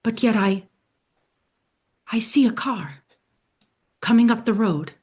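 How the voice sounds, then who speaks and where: A woman tells a dramatic first-person story in a hushed voice that often drops to a soft near-whisper. Her voice is on the high side and breathy-edged, and she speaks slowly.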